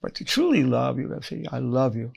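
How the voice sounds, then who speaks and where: A man's voice: medium pitch, very animated, brisk, gravelly, a little mellow, husky, muffled recording. A man in his eighties, a psychologist giving an earnest spoken self-help lesson, repeating lines for emphasis and acting out quoted phrases. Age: 80s.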